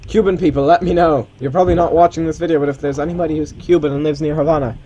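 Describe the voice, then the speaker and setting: A man's voice: on the high side, steady tone, racing, dark tone, slight background noise. A man giving casual, rambling commentary while playing a flight simulator. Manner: rambling, chatty asides with self-corrections.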